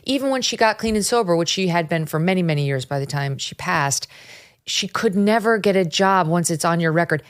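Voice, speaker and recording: Emphatic woman host, lowish voice. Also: expressive, a little fast. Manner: emphatic, impassioned, profane. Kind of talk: casual political talk.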